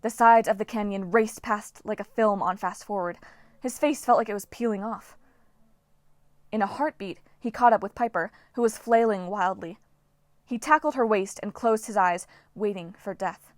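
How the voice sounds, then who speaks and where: A woman reading a novel aloud as an audiobook narrator, with steady, dramatic storytelling. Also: mid-range voice, moderate pace, no echo. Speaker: audiobook reader.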